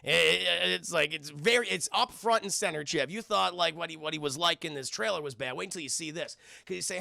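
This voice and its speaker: A man recapping a film on a live stream in an animated, profane way, constantly talking to his chat. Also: fairly high pitch, brisk, creaky, hardly any pauses, no echo, clean studio sound.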